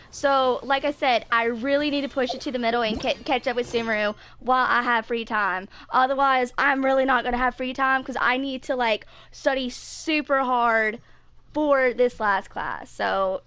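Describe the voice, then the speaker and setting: A woman's voice: high voice, sharp tone. A woman in her twenties chatting casually with viewers while streaming a game, full of fillers like "like" and "dude.". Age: 20s. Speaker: gaming streamer. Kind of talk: casual live-stream chat.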